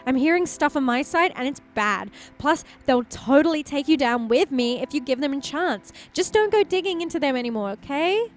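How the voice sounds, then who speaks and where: A woman's voice: sits high, lively intonation, moderate pace, hardly any pauses, a little hiss or hum, voice pushed up. Woman voicing anxious pleading girlfriend. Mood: urgent. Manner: urgent, pleading. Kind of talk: let's play character voicing.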